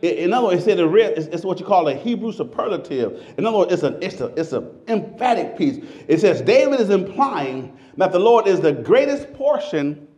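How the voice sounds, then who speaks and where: A man preaching a sermon, stumbling over repeated words, then shouting and stretching out scripture lines. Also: high voice, fairly quick. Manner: animated, shouting scripture with repetitions.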